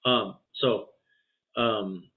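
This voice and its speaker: A man's voice: on the low side, steady tone, very slow. A man in his fifties, a spiritual healer and podcast guest, telling his life story casually in a rambling way, with lots of "you know" and restarts. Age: 50s. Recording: tinny phone-like line.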